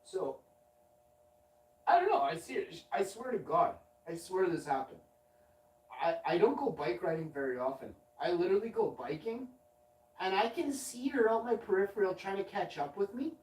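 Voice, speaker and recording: Hosting a late-night livestream, a man with a high-sitting, very animated voice spins a long anecdote at a moderate pace. He swears freely, keeps it loose, and keeps interrupting himself, while the recording sounds roomy and distant from the mic.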